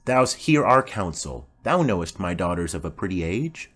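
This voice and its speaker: A man's voice: low-pitched, big pitch swings, a bit bright, faint music behind, full character voice. A man voicing a stately noble mother. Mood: formal. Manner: formal, measured. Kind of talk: audiobook play reading.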